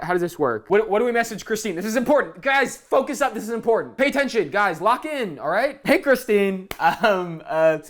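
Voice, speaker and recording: Excitable joking young man vlogging. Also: high-pitched. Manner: excitable and joking, talking to himself and the viewers. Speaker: comedy creator. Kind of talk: casual comedy vlog narration.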